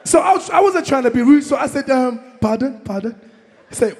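A young stand-up comedian originally from Congo works a live crowd, shouting his punchlines and switching into his parents' voices. His voice sits high and swings widely, with a gravelly, husky edge. The sound carries the long reverb of a concert hall. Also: big pitch swings, normal speed.

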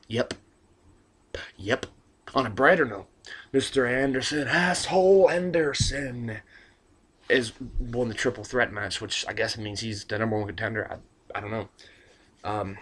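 A man ranting in a casual webcam vlog, rambling and excitable, stumbling over his words, recorded on a built-in laptop mic indoors at home. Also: mid-range voice. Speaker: wrestling vlogger.

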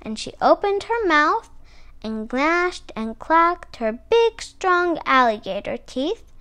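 A woman reading a children's picture book aloud in an expressive, sing-song way. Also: high-pitched, takes it slowly. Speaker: storyteller.

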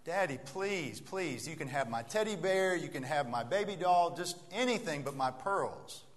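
A man's voice: a little high, animated, moderate pace, pitched above the performer's own voice, close to an everyday voice. A male preacher voicing a little girl in a story as she begs her father, in a church hall. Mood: pleading. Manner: begging, soft. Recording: long hall reverb, faint noise.

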